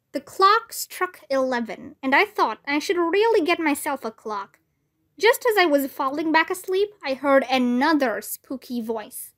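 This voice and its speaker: Brief: high-pitched woman narrating a kids' book, unhurried. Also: fairly bright tone. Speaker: read-aloud narrator. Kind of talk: reading a children's book aloud.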